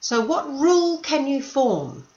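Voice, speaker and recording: A woman teaching an English lesson, speaking slowly and clearly and patiently stressing syllables. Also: high voice, sing-song, a little mellow, reverberant, dull audio.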